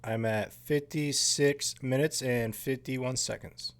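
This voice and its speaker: A man's voice: mid-range voice, steady tone, slow pace. A man hosting a casual movie commentary, laid-back and chatty, often laughing and swearing casually. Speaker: podcast host.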